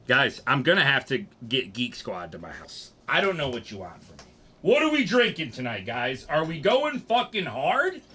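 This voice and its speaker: A man's voice: medium pitch, huge pitch swings, normal speed, sharp tone, a little hiss or hum. A young man, rambling and joking profanely as he chats with his livestream audience. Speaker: streamer. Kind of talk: casual livestream chat.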